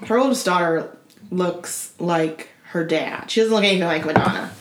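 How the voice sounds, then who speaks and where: A woman co-hosting a casual chat in an animated, gossipy way. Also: lowish voice, noisy background. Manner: animated, gossipy, quick reactions. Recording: roomy echoey room.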